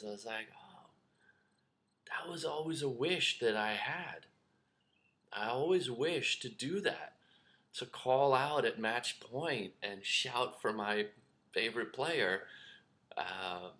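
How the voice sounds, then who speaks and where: A middle-aged man telling a personal story to camera as a spiritual teacher, animated, acting out shouts and whispers. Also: lowish voice. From lives in New York.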